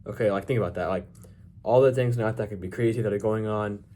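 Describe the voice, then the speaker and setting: A young man teaching a Bible verse in a casual devotional video, relaxed and informal with lots of filler words. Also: fairly low pitch, fast, slight background noise.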